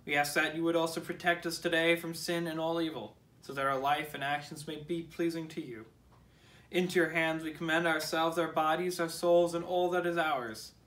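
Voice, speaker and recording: A man leading a church's morning prayer, reading scripture and a sermon text in a measured, solemn way. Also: a little high, flat delivery, fairly bright tone.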